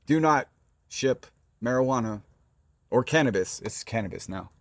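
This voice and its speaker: A man's voice: mid-range voice, lively intonation, moderate pace, creaky, no room sound. Casual male co-host, repeats lines, phone mic. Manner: rambling, repeats himself, emphatic warnings. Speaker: podcast co-host. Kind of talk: casual chat. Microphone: phone recording.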